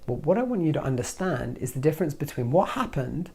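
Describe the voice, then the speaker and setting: A man hosting a self-help video, talking to camera in a lively motivational way and acting out inner thoughts in hushed voices. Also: fairly high pitch, fast, creaky, husky.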